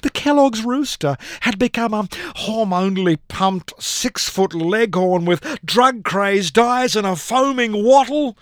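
A poet performs comic verse with theatrical flair, his voice swooping lively up and down. He takes his time over the lines. The sound is dry and close, like a studio mic. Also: sits high, slow, hardly any pauses, no room sound. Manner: theatrical, with big dramatic swings in voice. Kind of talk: performance poetry reading.

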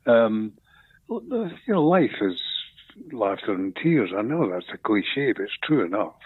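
An older man with a Scottish accent, his voice low and husky, speaking slowly and thoughtfully. He pauses often, restarts his sentences and fills gaps with ums. The recording is close and dry, with no room sound. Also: very animated, no echo, phone-quality sound. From Scotland. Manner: reflective, unhurried, many ums and restarts. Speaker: guest songwriter. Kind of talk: radio interview.

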